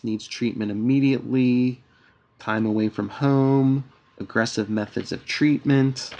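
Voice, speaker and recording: A man's voice: on the low side, creaky. A man co-hosting a podcast, casually recapping a comic issue and reading out the characters' lines with lots of "uh"s. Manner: retells scenes with filler "uh"s and quoted dialogue. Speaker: podcast co-host.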